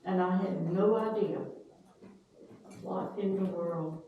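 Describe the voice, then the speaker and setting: A woman's voice: on the low side, fairly even intonation, slow, phone-quality sound. An older woman telling family stories in a rambling way, stopping to search for names. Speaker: family storyteller. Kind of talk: casual family reminiscing. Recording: roomy echo, distant mic, faint hiss.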